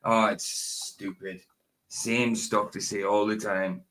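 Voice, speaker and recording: A man hosting a casual talk stream, relaxed and agreeable, with many short replies. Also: fairly low pitch, takes it slowly. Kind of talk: casual chat.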